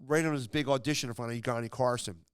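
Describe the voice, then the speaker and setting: A man's voice: mid-range voice, steady tone, fast talker, smooth, no room sound, clean studio sound. A man hosting a podcast, casually retelling an anecdote in a rambling, chatty way full of fillers and restarts. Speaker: podcast host.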